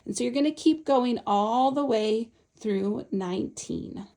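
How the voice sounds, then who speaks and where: A woman's voice: fairly high pitch, measured pace, hardly any pauses, dark tone. A woman explaining a Montessori lesson step by step in a patient, instructional way. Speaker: Montessori teacher. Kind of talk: instructional demonstration.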